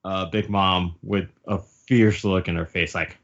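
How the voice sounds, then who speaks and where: A man's voice: sits low, a little slow, dull audio. A man hosting a podcast, recapping a comic casually, laughing often and acting out the panels. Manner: laughing, animated, acts out panels. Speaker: podcast host.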